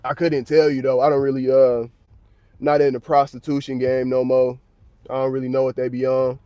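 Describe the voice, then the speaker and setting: A man's voice: mid-range voice, completely flat delivery, normal speed, warm tone, no echo, muffled recording. An American man livestreaming from his parked car at work, chatting casually in a blunt, slang-heavy, profane way. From United States.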